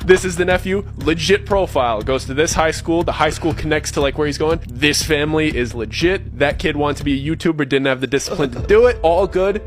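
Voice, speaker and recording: A man telling a long personal story in a casual podcast chat, animated and acting out the other people's lines. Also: on the high side, soft background music. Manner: fast, animated, acts out dialogue in shifting voices.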